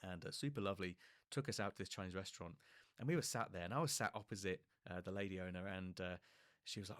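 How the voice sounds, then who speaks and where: A young man with a lowish voice rattles through his work mishaps at high speed, mocking himself and swearing freely. He acts out the people in his stories with sudden jumps in pitch. His voice is close to the mic in a dry, deadened room. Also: lively intonation, fast talker, fairly bright tone, no echo. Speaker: podcast guest telling stories. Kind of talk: casual comic storytelling.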